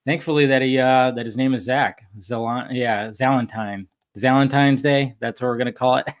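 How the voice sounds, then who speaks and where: A man's voice: medium pitch, steady tone, moderate pace. A man hosting a casual livestream from home, upbeat and chatty as he greets viewers by name. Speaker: livestream host.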